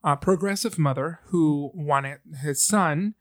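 A man's voice: fairly high pitch, slow, dry recording, studio quality. Man telling stories animatedly. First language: Spanish. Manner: animated storytelling, laughs often, hesitant fillers. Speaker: podcast co-host. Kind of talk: casual chat.

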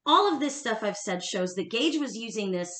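A woman co-hosting a relaxed history chat, with a lively, swooping delivery. She talks emphatically and laughs often. The recording sounds echoey, as if made in a bare room. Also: fairly high pitch, moderate pace. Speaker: podcast co-host.

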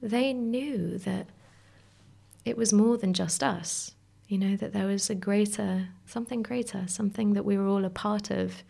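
A woman with a mellow, medium-pitched voice and some vocal fry speaks at a measured pace. She's a podcast guest in a reflective conversation, musing aloud and searching for words, at times dropping to a whisper.

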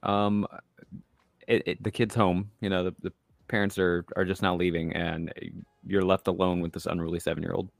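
A relaxed podcast co-host with a very low, deep voice, casually laying out the next scene. He talks in an easy, offhand way. The sound is dry and close to the mic. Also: normal speed, gravelly, no echo, soft background music. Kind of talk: casual chat.

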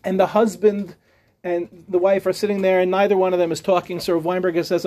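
Middle-aged rabbi guy, pretty high voice, joking around while he teaches, tells stories. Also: level tone, a little fast, warm tone. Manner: chatty storytelling with jokes and restarts. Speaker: rabbi teaching a Torah class. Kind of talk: humorous live lecture.

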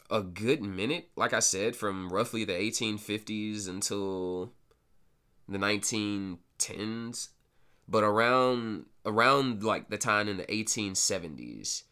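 A man's voice: fairly low pitch, a bit bright. A man hosting a podcast, explaining history in a loose, casual way with sarcastic asides and frequent self-corrections. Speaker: podcast host. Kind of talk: casual educational podcast talk.

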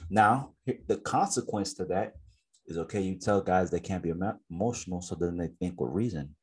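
A man's voice: low voice, brisk, breathy edge. A man co-hosting a podcast in casual chat, reflective, full of fillers and restarts. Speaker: podcast co-host.

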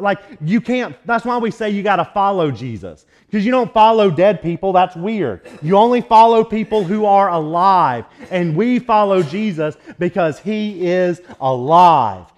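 A man pastor preaching a relaxed, joking sermon in a church sanctuary, telling stories between scripture readings. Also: sits high. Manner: casual, conversational, joking storyteller.

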